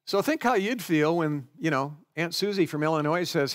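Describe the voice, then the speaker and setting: A man's voice: a little high, animated, moderate pace, few pauses. A middle-aged man, a pastor, preaching a sermon and explaining scripture verse by verse in a conversational way.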